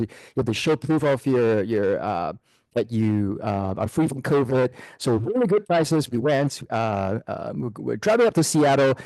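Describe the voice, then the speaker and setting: A middle-aged man giving a motivational talk to a club, animated and chuckling at himself. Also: medium pitch, no room sound, poor audio. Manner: animated, chuckling, self-deprecating. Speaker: guest speaker. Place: club meeting room.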